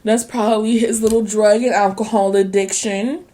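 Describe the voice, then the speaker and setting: A woman does a casual tarot reading, blunt and sassy, using slang, swearing freely and laughing a lot. Her voice is medium in pitch, steady and warm, and she draws out her words.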